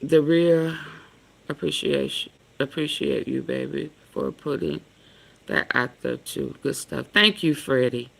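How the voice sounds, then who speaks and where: Brief: woman commentary vlogger, unhurried and earnest, with a crisp bright tone. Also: sits low. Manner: slow, earnest, rambling with fillers. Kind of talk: casual commentary.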